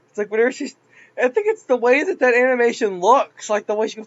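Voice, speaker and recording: A man giving let's play commentary, excitable and yelping at jump scares. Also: sits high, fast, highs cut off. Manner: excitable, yelps and shrieks at scares. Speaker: gameplay commentator.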